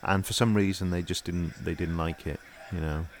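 A man's voice: sits low, steady tone, normal speed, a little hiss or hum. A man, an actor, chatting in improvised comedy, rambling and self-important, full of hesitations.

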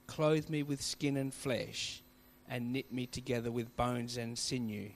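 A man reading a scripture passage aloud in a measured, solemn way. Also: medium pitch, a little hiss or hum. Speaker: scripture reader.

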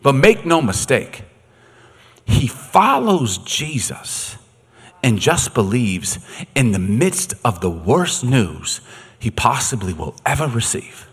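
A man preaching a sermon, dramatic and swinging from quiet to loud, in a long echoey hall. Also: medium pitch, very animated, slow pace, husky. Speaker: pastor.

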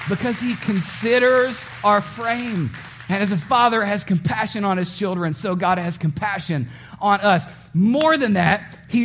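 A man in his thirties, a pastor preaching a sermon, animated and speaking directly to his congregation, acting out voices as he tells a story. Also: high-pitched.

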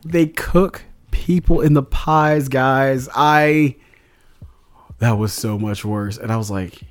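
A man's voice: medium pitch, slow. A man casually recapping his tabletop game session as a podcast host, rambling with lots of fillers. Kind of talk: casual chat.

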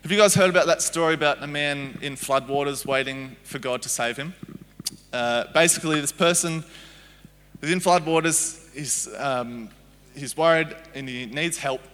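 Guest speaker, man, bright storytelling preacher, reverberant church hall. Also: fairly high pitch, normal speed. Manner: storytelling, checks in with the audience. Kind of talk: family service sermon.

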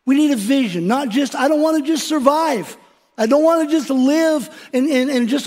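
Middle-aged guy preaching, really high voice, lively and jumpy, keeps restarting and doing little voices. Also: moderate pace. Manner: animated, acts out quoted voices, rambling restarts. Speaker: pastor. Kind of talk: sermon.

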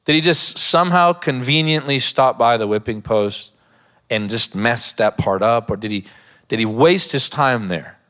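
A man's voice: mid-range voice, normal speed, bright, forceful tone. A man, a pastor, preaching a sermon in a church, mixing scripture with a humorous personal story and laughing often.

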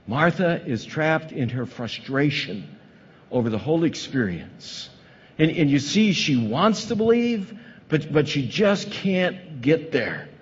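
A man's voice: on the high side, very animated, takes it slowly, breathy edge. Man preaching in a reverberant hall. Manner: dramatic, acts out quoted voices with rising intensity. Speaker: pastor. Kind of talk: sermon. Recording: muffled sound with long hall reverb.

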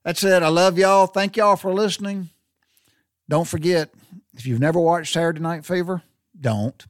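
A man's voice: sits high, moderate pace, no room sound, clean studio sound. An older man, hosting a casual solo podcast in a rambling, profane, folksy way. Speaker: podcast host.

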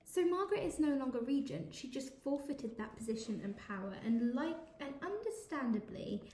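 Higher-voiced woman recounting history, echoey. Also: sing-song, normal speed, warm tone, a little hiss or hum. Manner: keeps the story on track, narrating events. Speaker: podcast co-host. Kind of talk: casual history podcast chat. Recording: roomy echo.

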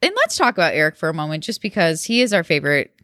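A woman's voice: deep voice, sing-song, racing, sharp tone, no echo, clean studio sound. A woman in her thirties co-hosting a podcast, chatting casually, rambling and laughing often. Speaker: podcast co-host. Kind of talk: casual chat.

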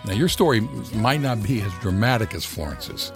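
A man giving scripted radio narration in a measured, inviting way. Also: on the low side, sing-song, music in the background. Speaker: program narrator.

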